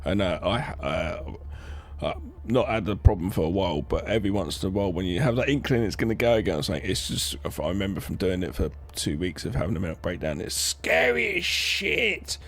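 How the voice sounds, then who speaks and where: A man's voice: deep voice, quick pace. A man co-hosting a podcast, rambling frankly about films and his own life, laughing often. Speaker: podcast co-host. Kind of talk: casual film chat.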